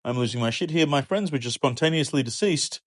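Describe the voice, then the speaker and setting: A man voicing a frantic, terrified male messenger who stammers in a shrill, high, loud voice. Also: expressive, moderate pace, dry recording, close to an everyday voice. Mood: panicked.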